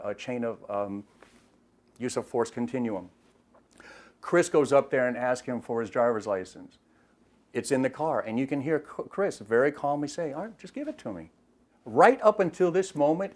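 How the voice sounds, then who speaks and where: Middle-aged man, retired officer, interview talk, steady mid pitch, plain explainer who restarts phrases. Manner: plain, explanatory, repeats words while thinking. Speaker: retired police officer, de-escalation trainer.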